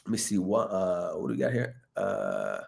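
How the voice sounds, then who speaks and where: A man's voice: low-pitched, wildly swooping pitch, moderate pace, creaky, darkish tone. A man talking in a rambling, profane monologue, with many fillers, restarts and laughs between remarks. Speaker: watch commentator.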